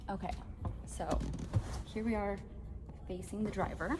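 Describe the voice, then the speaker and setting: A woman's voice: mid-range voice, steady tone, unhurried, heavy background noise. A woman vlogger giving a casual boat walkthrough, chatty and full of fillers, a bit out of breath. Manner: chatty, filler-heavy, self-correcting.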